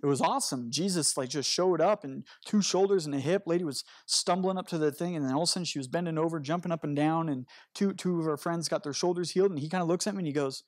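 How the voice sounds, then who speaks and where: A pastor with a fairly high male voice tells stories in an earnest, animated sermon. He speaks in rushed bursts of conversational storytelling. The sound is close and dry, with little room echo. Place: church stage before a congregation.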